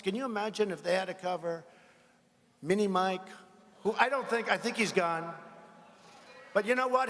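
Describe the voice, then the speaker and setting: A politician with a high-pitched, slightly bright voice gives a rambling campaign speech to a crowd in a big arena, mocking his rivals and asking the audience to agree. The hall echoes, and faint crowd noise can be heard.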